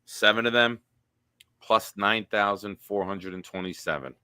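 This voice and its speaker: Hosting a casual sports live stream, a low-voiced man reads chat comments aloud with animated energy in a bright, forceful tone. He talks a little slowly, and the recording is dry, close, and clean.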